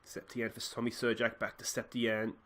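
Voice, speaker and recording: An excitable Australian man in his thirties talks over his own football management game, his voice at a middling pitch for a man. He cheers loudly at big chances and drops into low, deflated murmurs after setbacks. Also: moderate pace. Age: 30s. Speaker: gaming video host. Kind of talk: live football game commentary.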